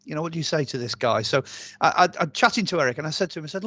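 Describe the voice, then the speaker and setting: Brief: man, archaeologist guest, chatty rambling storyteller, higher voice, dry close sound. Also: very fast, no echo. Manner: chatty and animated, rambling with many fillers and restarts. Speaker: archaeologist and author, interview guest. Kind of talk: casual interview storytelling.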